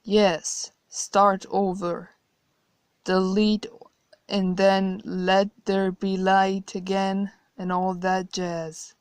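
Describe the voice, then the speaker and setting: A woman's voice: medium pitch, little pitch movement, extremely slow, darkish tone, clear, resonant tone, no room sound. A woman reading a horror story, voicing an old white-haired godlike man who talks in a teasing, flippant way. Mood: casual. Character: old white-haired male godlike being, mocking and cruel.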